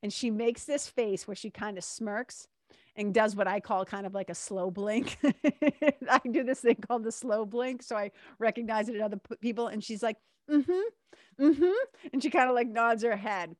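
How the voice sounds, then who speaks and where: A woman's voice: fairly high pitch, fairly even intonation, moderate pace, no room sound, clean studio sound. A woman telling a story in a casual, candid way, swearing now and then and acting out what other people said. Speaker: vlogger.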